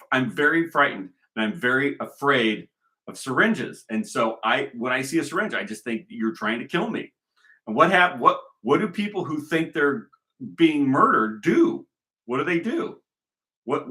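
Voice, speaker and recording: A man's voice: medium pitch, sharp tone. A man giving a rambling, argumentative monologue, talking emphatically and repeating himself. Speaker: commentator.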